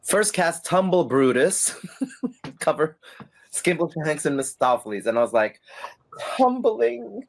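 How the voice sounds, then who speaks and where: Middle-aged man, animated storyteller, laughing often, acts out quotes, casual interview. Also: on the high side, unhurried, slight background noise. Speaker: interview guest, former musical performer.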